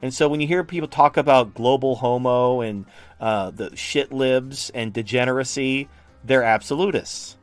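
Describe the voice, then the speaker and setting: A man's voice: medium pitch, normal speed, no echo, faint music behind. A man from the United States explaining political charts in a casual, blunt and profane way. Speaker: political commentator. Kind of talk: casual explanatory talk over a shared chart.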